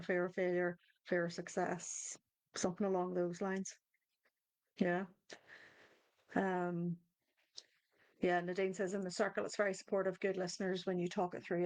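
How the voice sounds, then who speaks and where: Woman, spiritual coach, live stream talk, rambling conversational, dry close sound, mid pitch. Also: darkish tone, no room sound. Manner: conversational, rambling with restarts, addresses chat viewers by name. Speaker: spiritual coach hosting a live online circle.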